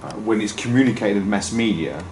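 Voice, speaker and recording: A man's voice: on the low side, fairly quick. A man in the audience speaking up in a group discussion, rambling and wry in a plain-spoken way. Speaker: audience member. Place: meeting room. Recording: echoey room, noisy.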